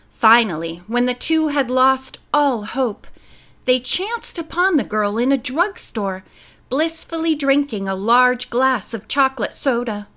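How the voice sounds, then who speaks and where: Slow, high-voiced woman narrator. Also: a bit bright. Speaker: audiobook narrator. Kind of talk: scripted narration.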